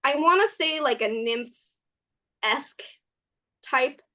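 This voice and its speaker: Animated, bright-voiced woman telling stories. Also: high-pitched, slow pace. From California. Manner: animated, laughs often, many "like" fillers. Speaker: podcast guest. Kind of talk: casual storytelling chat.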